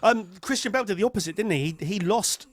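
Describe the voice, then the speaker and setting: A man's voice: sits high, animated, quick pace, dry recording. A British man co-hosting a comedy podcast, chatting casually with dry, musing remarks and rhetorical questions. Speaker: podcast co-host.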